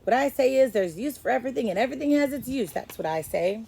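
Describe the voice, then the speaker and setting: Woman doing a gruff bossy old farm woman. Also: fairly high pitch, animated, quick pace, mellow, pitched above the performer's own voice, full character voice.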